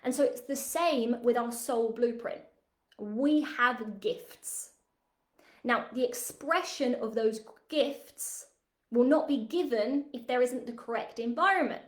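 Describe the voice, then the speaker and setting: A woman in her thirties teaching a spiritual masterclass in a chatty, animated way, often checking in with "right?". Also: fairly high pitch, slow, echoey room. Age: 30s.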